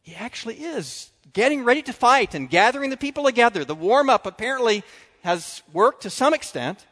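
A man preaching a sermon, telling stories with animated swings between loud and quiet. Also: very high voice, fairly quick. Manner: animated storytelling, drops to quiet confessional tones. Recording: long reverb of a large hall.

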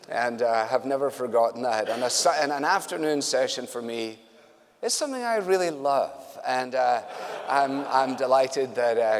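A male preacher gives a conference sermon in a relaxed, conversational manner, slipping in dry, wry jokes. His voice sits at an ordinary middle pitch. The sound rings with a long reverb, as if it was recorded across a large hall.

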